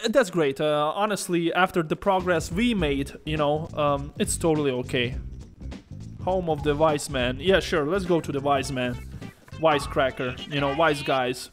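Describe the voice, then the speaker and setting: A man's voice: on the high side, moderate pace, soft background music. A man giving casual let's-play commentary while gaming, joking, swearing and laughing often.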